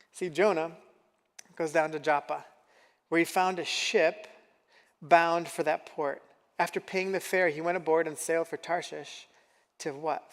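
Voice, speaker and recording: High-voiced male pastor preaching. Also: in a large hall. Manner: conversational, asks the congregation questions. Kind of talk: sermon. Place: church sanctuary.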